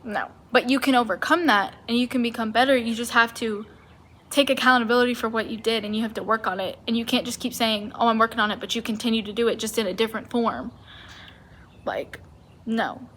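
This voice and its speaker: A woman's voice: a little high, fairly quick, a bit bright, slight background noise. A woman hosting a solo podcast, talking in a casual, emphatic and opinionated way. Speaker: podcast host.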